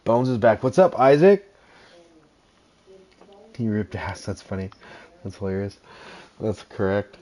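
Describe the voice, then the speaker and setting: A man's voice: fairly low pitch, lively intonation, unhurried, pauses often, darkish tone. Laid-back, chatty man streaming a game. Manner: laughs often, chatty and joking. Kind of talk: casual livestream chat and gameplay commentary.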